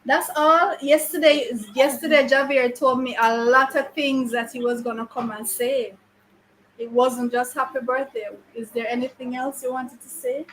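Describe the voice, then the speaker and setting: A woman's voice: high-pitched, steady tone, moderate pace, a bit bright, slight background noise, poor audio. A woman teacher, chatting playfully with her pupils in a classroom and teasing them with questions. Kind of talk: casual chat with pupils.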